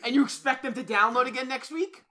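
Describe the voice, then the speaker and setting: A young man co-hosting a casual podcast, animated and teasing, getting loud when excited. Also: very high-pitched, fast talker, crowd noise. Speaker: podcast co-host.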